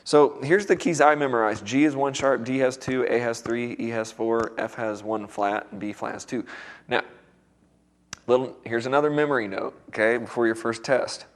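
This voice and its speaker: A man with a strained, recovering voice, teaching music theory to a seminar class in a casual, chatty way and quizzing the students. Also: medium pitch.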